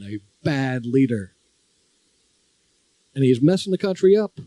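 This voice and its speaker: A man's voice: medium pitch, lively intonation, takes it slowly, warm tone, no room sound. A man delivering an indignant, scolding political opinion monologue. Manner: indignant, scolding, mocking mimicry. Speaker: political commentator.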